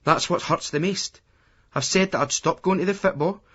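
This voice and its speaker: A man's voice: high-pitched, normal speed, fairly bright tone, slightly rough, muffled recording, pitched above the performer's own voice. A man with a Scottish accent voicing a brash young lad who rants and swaggers. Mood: ranting. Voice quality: ranting, swaggering.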